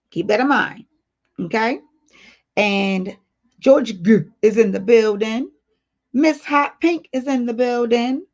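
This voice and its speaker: This livestream host has a slightly high voice and speaks slowly, leaving long pauses. Her stream audio is dull and lo-fi, and she reads viewer comments aloud while talking to her viewers with blunt playfulness.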